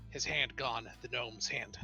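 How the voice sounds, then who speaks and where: A man's voice: medium pitch, fairly even intonation, a little slow, sharp tone, soft background music. A man narrating as game master of a tabletop game, playful and often laughing.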